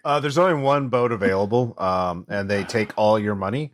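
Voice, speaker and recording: A man's voice: fairly low pitch, normal speed. A man running a tabletop game as game master, talking loosely with many fillers.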